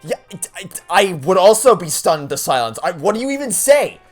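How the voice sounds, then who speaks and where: A man's voice: high voice, very animated, brisk, soft background music. A young man doing let's play commentary, ranting in an exasperated, indignant way with many restarts.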